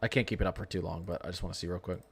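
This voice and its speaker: A man's voice: deep voice, fairly even intonation, racing, slight background noise. A young man hosting a live severe-weather stream, chatting casually and teasing his viewers. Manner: joking, talks to chat, frequent laughs. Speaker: livestream weather host.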